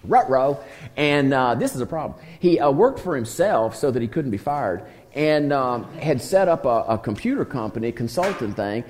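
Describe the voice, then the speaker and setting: A man's voice: mid-range voice, expressive, moderate pace, hardly any pauses, a little mellow, in a large hall. A man leading a recovery meeting, telling a long story in a rambling, folksy way full of fillers. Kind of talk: storytelling talk to a group.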